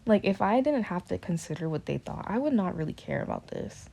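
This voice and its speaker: A woman's voice: medium pitch, big pitch swings, a little fast, vocal fry, dark tone. A young woman, a student, talking in a casual confessional chat, rambling and nervous, full of fillers, slang and swearing. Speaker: student vlogger.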